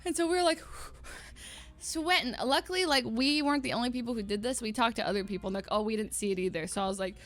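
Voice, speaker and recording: A young woman livestreamer telling a story in a casual, animated way, laughing often and acting out quotes in a higher voice. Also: fast talker. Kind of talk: casual storytelling to stream chat.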